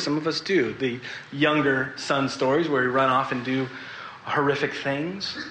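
A man preaching a sermon to a congregation, earnest and confessional, pausing to ask them questions. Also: mid-range voice, pushed and bright, echoey room, a little hiss or hum, poor audio.

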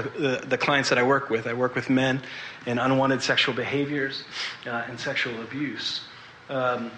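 A man preaching a sermon to a congregation, earnest and confessional, pausing to ask them questions. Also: medium pitch, sharp tone, reverberant, slight background noise, rough recording.

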